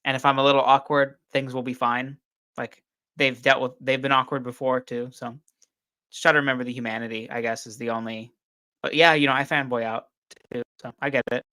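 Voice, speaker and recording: A man's voice: mid-range voice, level tone, brisk, bright, forceful tone, smooth, dry recording. A tired man chatting as a guest about a novel over a video call, easygoing and rambling with many "like"s. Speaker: book reviewer guest. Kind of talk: casual chat about a book.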